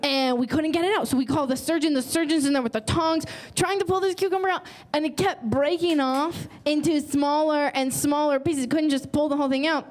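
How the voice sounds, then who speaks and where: Brash high-voiced woman doing stand-up. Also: fairly even intonation, fairly quick, hardly any pauses. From North Carolina. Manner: brash, bawdy punchlines. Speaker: stand-up comedian and host. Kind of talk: stand-up comedy set. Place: comedy stage with live audience.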